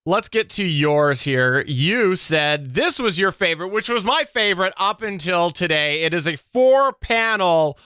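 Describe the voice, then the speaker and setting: A man hosting a podcast, talking in a casual, animated way and laughing often. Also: sits high, measured pace, few pauses, smooth, no echo, studio quality. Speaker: podcast host.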